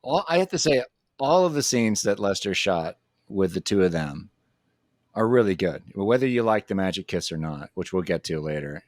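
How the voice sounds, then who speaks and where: A man co-hosting a podcast, chatting casually about a movie with relaxed, short replies. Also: deep voice, moderate pace, no room sound, studio quality. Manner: relaxed, short agreeing replies, laughs often. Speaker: podcast co-host. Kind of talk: casual movie breakdown chat.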